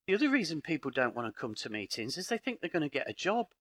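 British man, middle-aged, bright lively voice, wide pitch swings, storytelling conference talk, dry humour. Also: rapid-fire. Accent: British English. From Britain. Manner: animated storyteller acting out dialogue, dry humour. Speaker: conference speaker. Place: parish hall with an audience.

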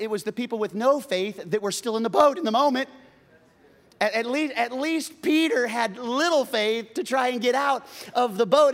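A man with a high voice preaches a sermon from the pulpit. He swings from loud, excited bursts to hushed, earnest passages. His voice rings out with the long reverb of a large church hall. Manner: shifts between loud excited preaching and quiet earnest tones. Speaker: pastor. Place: church sanctuary.

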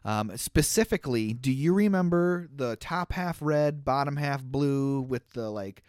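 A man's voice: mid-range voice, lively intonation, measured pace, a little mellow, clear, resonant tone, no echo, studio quality. Chatty laughing podcast host man. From Minnesota. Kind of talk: casual chat.

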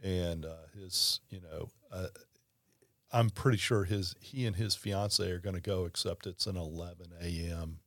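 A man hosting a casual podcast chat, telling rambling stories with lively asides. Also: low-pitched, measured pace, no echo, clean studio sound. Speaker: podcast host.

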